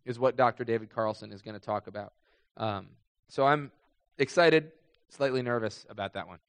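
A man's voice: medium pitch, fairly bright tone, clear, resonant tone. A young adult man preaching a sermon as a pastor, telling a story in a conversational way with vivid dramatic bursts. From United States. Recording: long hall reverb.

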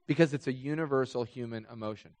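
Storytelling pastor with a ringing reverb. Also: male voice, medium pitch, quick pace, a little mellow. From United States. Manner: storytelling, conversational with vivid dramatic bursts. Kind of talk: sermon. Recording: long hall reverb.

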